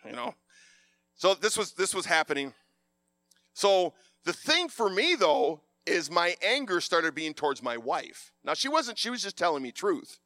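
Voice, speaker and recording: Male preacher, sermon, animated and passionate, loud voice, bright tone, fairly high pitch. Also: unhurried, no echo, studio quality.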